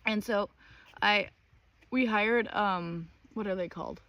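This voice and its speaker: A woman hosting her own channel, telling a personal story in a casual, animated and exasperated way, with many fillers. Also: medium pitch, takes it slowly, dry recording. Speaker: channel host.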